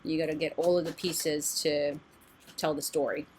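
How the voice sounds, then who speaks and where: In a low voice with little pitch movement, a woman speaks at a moderate pace over background noise. Hosting an oracle card and meditation channel, she gives a relaxed live-stream reading from her home closet studio, talking frankly and reading messages aloud.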